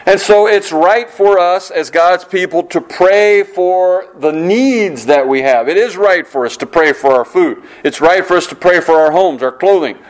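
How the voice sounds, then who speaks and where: A man preaching a sermon, earnest and repetitive, slowing down on key phrases for emphasis. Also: fairly high pitch, poor audio. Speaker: pastor.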